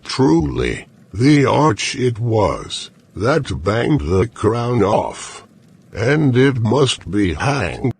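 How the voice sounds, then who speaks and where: A man puts on a very old, blind sage in a storybook cartoon, his voice quavering and gravelly. He drags every word out very slowly, with a husky, breathy edge. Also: mid-range voice, very animated, a little mellow, exaggerated voice. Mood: solemn. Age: older.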